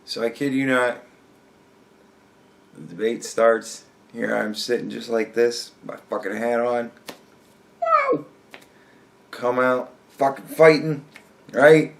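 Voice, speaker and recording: A man rambles through a casual reaction rant at his desk, swearing freely and sounding worn out. His voice sits in an ordinary middle pitch. He often breaks into laughter. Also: huge pitch swings, slow pace, gravelly, pauses often, fairly bright tone. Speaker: commentary vlogger.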